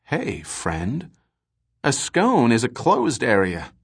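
A man voicing a curious, blunt young male space trader who fires off quick, surprised questions. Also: medium pitch, huge pitch swings, slightly rough, heavily acted.

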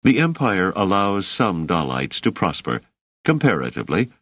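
A man's voice: low voice, big pitch swings, moderate pace, a bit bright, no echo, full character voice. A man reading an audiobook and voicing a weary, bitter male rebel leader who argues in an earnest, urgent way.

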